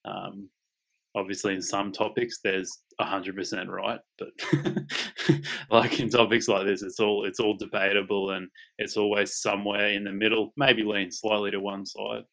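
A young man with an Australian accent talks in a loose, jokey podcast chat. His voice sits fairly low yet sounds bright and forward. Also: level tone, normal speed, gravelly, rough recording. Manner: laid-back, says "mate" often, jokey. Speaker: podcast co-host. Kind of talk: casual chat.

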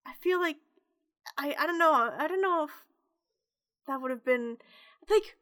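A woman's voice: high voice, animated, measured pace, pauses often, fairly bright tone. A young woman co-hosting a casual chat, giggly and chatty with lots of filler words.

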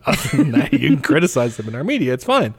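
A man's voice: mid-range voice, wildly swooping pitch, fast talker, creaky, darkish tone, husky. A man co-hosting a podcast, chatting casually, sarcastic and profane, often laughing. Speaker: podcast co-host. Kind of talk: casual chat.

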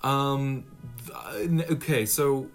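Casting: lively guy, late 30s, podcast co-host, mimics film lines, mid-pitched. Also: takes it slowly, soft background music. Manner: animated, acts out film lines in mocking voices. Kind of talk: casual film chat.

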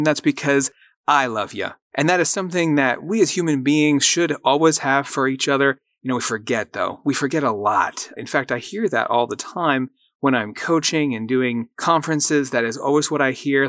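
A man's voice: mid-range voice, fairly bright tone, no echo. A man hosting a motivational podcast from a recording studio, talking in an upbeat, encouraging way and coaxing listeners to repeat affirmations after him. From rural farm upbringing. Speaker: podcast host and coach.

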